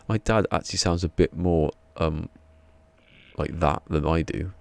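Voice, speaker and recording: Low gravelly English man streaming. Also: steady tone, normal speed, a little hiss or hum. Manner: chatty, rambling, chuckles while reading chat. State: a bit drowsy. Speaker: live streamer. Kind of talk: casual live-stream chat.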